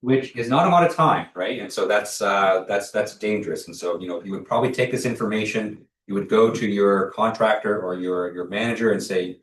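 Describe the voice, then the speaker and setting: A young man giving a university lecture, talking loosely with lots of "uh" and "right?", a little low in pitch. He's picked up from across an echoey lecture hall, a bit distant from the mic. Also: fairly quick, few pauses, fairly bright tone, a little hiss or hum. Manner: casual, many fillers and restarts, checks for questions. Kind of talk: classroom lecture.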